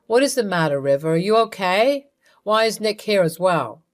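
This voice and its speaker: A woman's voice: medium pitch, lively intonation, normal speed, natural voice. A woman voicing a husband torn between his wife and his mother. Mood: worried. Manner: anxious and shocked, then apologetic.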